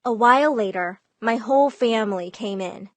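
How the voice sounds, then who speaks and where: A woman narrating a first-person storytime in a lively, dramatic way. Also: a little high, moderate pace, no room sound.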